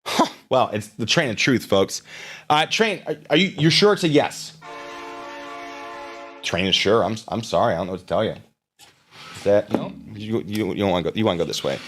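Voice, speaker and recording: A man's voice: lowish voice, animated, fairly quick, a bit bright, a little hiss or hum. A man hosting a live stream, commenting casually and sarcastically while reading chat messages aloud.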